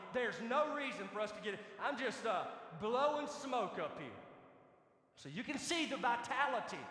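A male pastor preaching a sermon in an animated, conversational way, asking the congregation questions. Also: high-pitched. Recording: echoey hall reverb.

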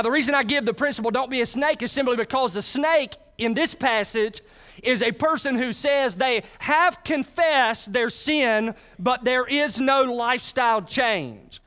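A man's voice: very high voice, unhurried, smooth. A man preaching a sermon, calling on the congregation to answer him. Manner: lively, calls on the congregation to answer. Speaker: pastor.

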